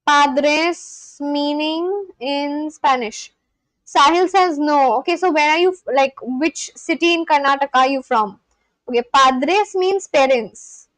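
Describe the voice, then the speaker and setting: A woman's voice: high voice, slow pace, fairly bright tone, no echo, poor audio. A woman chatting on a live stream, saying phrases aloud and then translating them. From India (Kolkata, West Bengal). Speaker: streamer learning a language. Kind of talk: casual live-stream chat.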